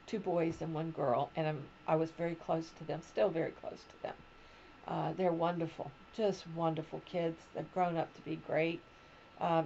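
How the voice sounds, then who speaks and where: A woman's voice: fairly low pitch, creaky, darkish tone, lo-fi sound. A woman in her seventies, hosting a crochet show, telling family stories in a rambling, casual chat from home. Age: 70s. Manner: rambling personal storytelling. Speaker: crochet podcast host.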